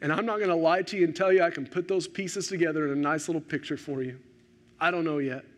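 Man preaching, higher voice, dramatic hushes. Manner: swings from animated rises to hushed, slow emphasis. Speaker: pastor. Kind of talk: sermon.

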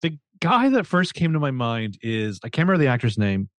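A man's voice: mid-range voice, very animated, fairly quick, no echo. Man casually recapping a novel. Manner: chatty recap with fillers, reads dialogue aloud. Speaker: book podcast co-host.

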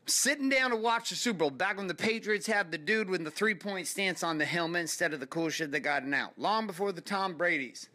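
A man in his forties from California hosts his podcast with a motivational monologue. His voice sits high and sounds forceful and bright. He speaks with emphasis, building intensity as he goes. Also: brisk, hardly any pauses. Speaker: podcast host.

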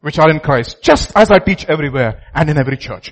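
A man's voice: a little high, expressive, fast, poor audio. A man preaching a sermon who stresses his points by repeating phrases and putting questions to the congregation.

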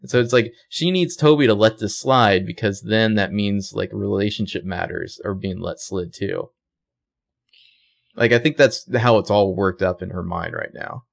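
Gravelly low-voiced man recapping a show. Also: normal speed. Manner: retells scenes by acting out the characters' lines. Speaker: podcast co-host recapping a TV show. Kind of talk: casual chat.

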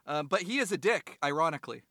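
A man's voice: a little high, animated, fast talker, sharp tone, no room sound, studio quality. A young man co-hosting a podcast in casual comedic chat, rambling and acting out quotes in silly voices. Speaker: podcast co-host.

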